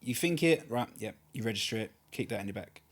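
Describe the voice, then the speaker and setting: A man's voice: fairly low pitch, lively intonation, fast talker, breathy edge. A man in his thirties with an Essex accent, a guest in an interview, talking in a chatty, colloquial way with short repeated phrases. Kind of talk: casual interview chat.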